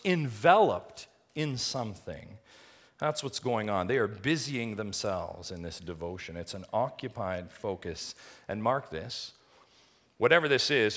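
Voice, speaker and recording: A man preaching a sermon, emphatic and full of rhetorical questions, swinging between quiet stretches and loud, rising lines. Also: lowish voice. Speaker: pastor.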